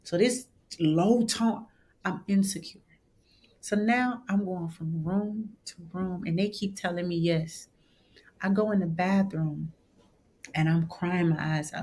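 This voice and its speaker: A woman's voice: a little slow, husky. A woman in her thirties from Michigan, a gospel singer telling a story as an interview guest and acting out the people she quotes. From Saginaw, Michigan, USA. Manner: lively storyteller who acts out the people she quotes in high voices. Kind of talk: animated storytelling in conversation.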